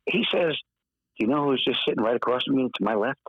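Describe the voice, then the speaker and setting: A man telling a story in casual podcast chat, lively and acting out the voices of the people he quotes. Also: mid-range voice, fast, no echo. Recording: dull, dry podcast audio.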